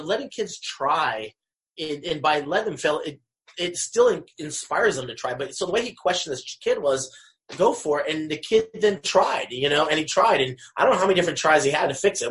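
A man from Florida, a co-author, talks as an interview guest. He has a fairly high voice and a relaxed, casual manner. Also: a little fast.

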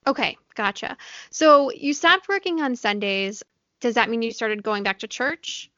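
A woman's voice: on the high side, a little slow, pushed and bright, no echo. A woman interviewing a guest and asking direct, curious follow-up questions. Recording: dull lo-fi dry audio.

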